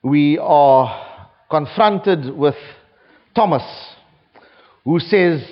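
A man's voice: a little high, lively intonation, slow pace. A man preaching a sermon, reading scripture aloud with a dramatic delivery, from South Africa. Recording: dull lo-fi recording.

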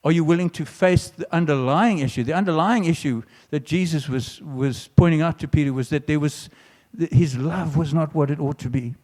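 A man delivers a sermon in a mellow, warm, earnest voice of fairly high pitch, at a moderate pace with hardly any pauses. He often restarts phrases and rises on emphatic lines, and a long hall reverb trails his voice.

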